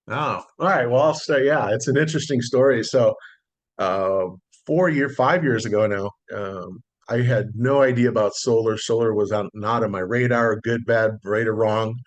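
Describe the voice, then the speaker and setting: A middle-aged man, a solar sales consultant, telling a relaxed story in a podcast interview and acting out the dialogue. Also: medium pitch, moderate pace. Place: Las Vegas.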